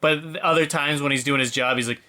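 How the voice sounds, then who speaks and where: Jokey man with a fairly high voice. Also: steady tone, pushed and bright. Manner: jokey, breaks into quick impressions. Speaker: podcast co-host. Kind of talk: casual podcast chat.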